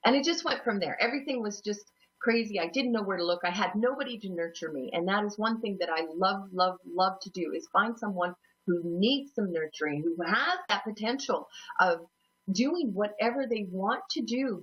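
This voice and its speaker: A woman's voice: mid-range voice, animated, moderate pace, a bit bright. A woman hosting a psychic talk show, telling her own story in a rambling, self-deprecating way and laughing often. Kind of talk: personal storytelling. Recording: dull lo-fi sound.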